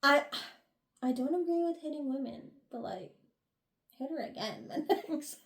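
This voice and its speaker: A woman's voice: high voice, animated, unhurried. A young woman co-hosting a book review podcast, retelling chapters casually and acting out the characters' lines with lots of laughs. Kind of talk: casual book recap chat.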